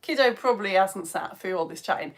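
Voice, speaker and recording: A woman's voice: medium pitch, animated, brisk. A British woman teaching a live online science lesson, reading out viewer comments and greeting children by name in a gushing, chatty way with self-mocking asides.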